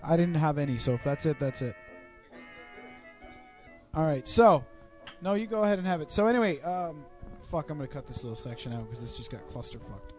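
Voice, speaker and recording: A man's voice: a little high, animated, fairly quick, a little mellow, faint music behind. A young man hosting a casual chat among friends, profane and teasing, telling a story and putting on voices. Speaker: podcast host.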